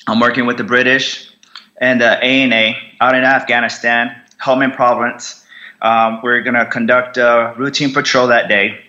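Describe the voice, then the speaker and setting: Man, young adult, interview guest, blunt, swearing, halting restarts, bright edgy voice, slightly dull recording. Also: medium pitch, little pitch movement. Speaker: guest, Marine veteran. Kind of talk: candid storytelling interview.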